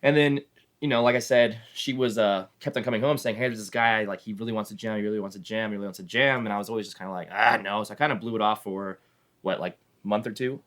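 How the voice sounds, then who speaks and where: Fast-talking low-voiced man telling stories. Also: fairly even intonation, a bit bright. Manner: rambling anecdotes with frequent laughs and acted-out quotes. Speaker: drummer, band member guest. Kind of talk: casual storytelling interview.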